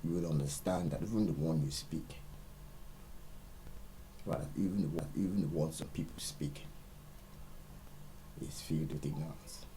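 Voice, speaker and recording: Nigerian male host, very low and dark voice, emphatic ranting monologue, faint hiss behind. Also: animated, normal speed, long pauses, low-quality recording. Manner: emphatic, ranting, rising into loud outbursts. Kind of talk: opinionated monologue.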